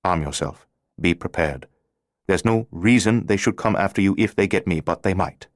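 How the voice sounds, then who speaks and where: A man's voice: low-pitched, normal speed, dry recording, clean studio sound, natural voice. A man playing an urgent, secretive male stranger in an audiobook, giving terse instructions.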